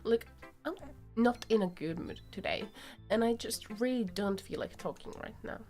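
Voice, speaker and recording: A woman's voice: a little high, normal speed, a little mellow, soft background music, voice pushed up, close to an everyday voice. Woman reading as a blunt, sulky teen girl. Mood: annoyed. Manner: curt, scolding.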